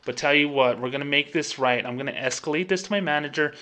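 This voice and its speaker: A man playing an overly polite bank phone representative who speaks with smooth, scripted, apologetic courtesy. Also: a little high, fast talker, bright, forceful tone. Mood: falsely apologetic.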